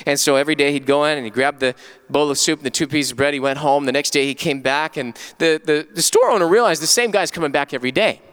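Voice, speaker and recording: A man preaching with a fairly high voice that is smooth and resonant. He drives his points home through rows of short repeated declarations, rising to loud calls and then dropping low and slow for weight. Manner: swings between loud urging and low, slow emphasis. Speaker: pastor. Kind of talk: sermon.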